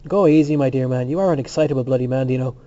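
A man voicing a calm, blunt young man who keeps asking his friend questions, read in a slightly raised voice. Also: medium pitch, rapid-fire, muffled recording, natural voice. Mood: probing.

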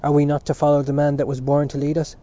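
Mr Casey, a man playing a fervent, hoarse patriot. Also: fairly high pitch, completely flat delivery, fast talker, lightly acted. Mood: impassioned. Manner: loud, impassioned, hoarse shouting. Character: Mr Casey, a fervent, bitter middle-aged man. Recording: dull lo-fi recording.

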